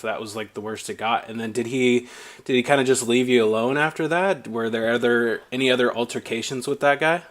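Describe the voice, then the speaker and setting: A man's voice: mid-range voice, fairly bright tone. A man hosting a podcast interview, talking casually with many fillers and restarts. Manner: casual, full of "like" and "I mean" fillers. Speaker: podcast host.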